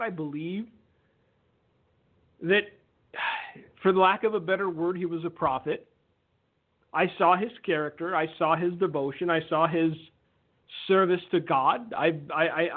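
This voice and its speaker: Man, higher-pitched voice, earnest emphatic preaching, tinny phone-like sound. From Romania. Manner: earnest, emphatic, with pauses and restarts. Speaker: radio ministry host. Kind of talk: preaching commentary, reading a testimony aloud.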